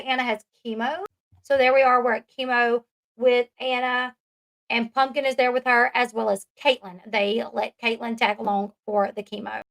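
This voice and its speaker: A woman's voice: fairly high pitch, a bit bright. A woman talks through a reality show episode. She chats casually and keeps laughing at the bits she finds funny. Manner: chatty, laughs at the scenes she retells. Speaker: commentary host.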